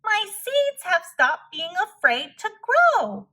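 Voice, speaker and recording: An impatient male toad from a storybook shouts and frets in a raised, drawn-out voice, as a woman reading aloud acts him out. He sounds higher than an everyday speaker and stretches his words slowly. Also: lively intonation, heavily acted. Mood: shouting. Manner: loud, shouting.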